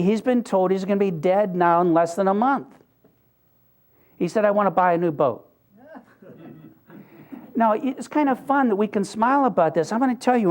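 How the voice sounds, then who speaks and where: An older man from Pennsylvania gives an earnest, conversational talk, sharing a personal story with wry asides and briefly getting choked up. His voice is high-pitched with a darkish tone.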